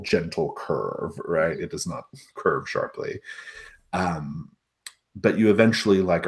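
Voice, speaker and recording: A man narrating a tabletop game as game master, relaxed and improvising with many fillers. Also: low voice.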